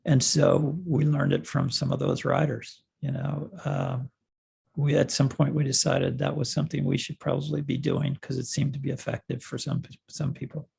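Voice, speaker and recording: An older man tells his old stories at an easy pace, pausing often on "uh" and "you know". His voice is deeply gravelly and husky, with a rough, breathy edge. The pitch sits in a middle range for a man. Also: little pitch movement, a little mellow. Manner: measured storytelling with many fillers. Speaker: former cycling coach. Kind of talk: reminiscing interview answers.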